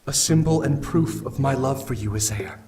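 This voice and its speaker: A man's voice: mid-range voice, animated, moderate pace, distant mic, natural voice. A man voicing a devoted male lover in a romance game, speaking in earnest, tender declarations. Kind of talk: game voice acting. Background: game background music.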